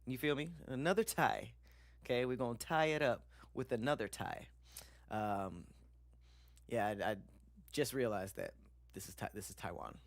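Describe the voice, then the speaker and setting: A man's voice: mid-range voice, moderate pace, long pauses, no echo, clean studio sound. A man streaming casually, chatting loosely with slang and swearing while he reacts to videos and reads viewer comments.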